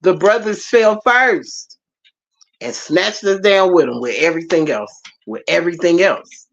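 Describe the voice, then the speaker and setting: A woman's voice: lowish voice, lively intonation, measured pace, vocal fry. Emphatic woman preaching, lo-fi. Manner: emphatic, repeats phrases, talks directly to the congregation. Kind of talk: sermon.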